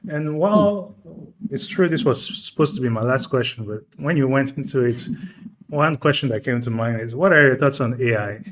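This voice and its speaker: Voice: medium pitch, lively intonation, moderate pace, slight background noise, rough recording. An interview host who gives brief backchannels and asks questions in a casual conversation.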